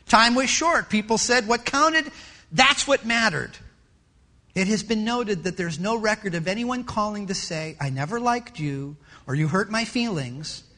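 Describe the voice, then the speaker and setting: High, bright-voiced male preacher. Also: measured pace. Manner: animated storytelling with acted-out voices. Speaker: pastor. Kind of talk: sermon.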